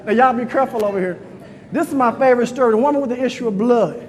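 Man preaching, extremely high voice, fervent and shouting, reverberant church hall with a faint crowd. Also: rapid-fire. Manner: fervent, calls out to the congregation, frequent shouting. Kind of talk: sermon.

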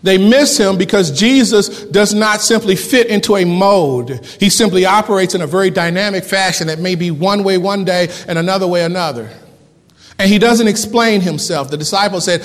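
A man preaching a fervent sermon as pastor, with dramatic pauses and big swings between loud and soft. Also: sits high. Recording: long hall reverb.

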